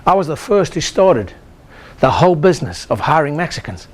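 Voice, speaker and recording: A man's voice: on the high side, very animated, a little fast. An older man, a chiropractor, giving an exclamatory motivational seminar talk and leading the audience in call-and-response chants. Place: lecture room with a live audience.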